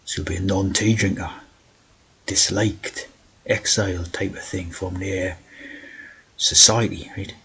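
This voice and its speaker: A man's voice: deep voice, steady tone, slow, pauses often, fairly bright tone, slightly rough, poor audio. A man talking in a rambling monologue, tagging his points with "right?". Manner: meandering, keeps asking "right?". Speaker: video host.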